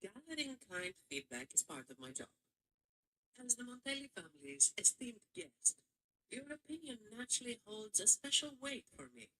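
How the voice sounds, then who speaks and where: A woman's voice: fairly high pitch, sing-song, normal speed, bright, forceful tone, rough recording. An actress voicing a poised, courteous woman host of a noble family in a video game, with a thick Italian-sounding accent.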